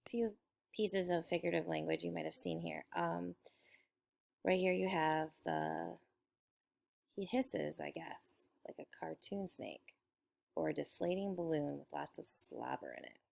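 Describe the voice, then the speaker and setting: Low, creaky woman teacher explaining. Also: a little slow, darkish tone. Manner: casual, pointing things out with fillers. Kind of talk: classroom explanation.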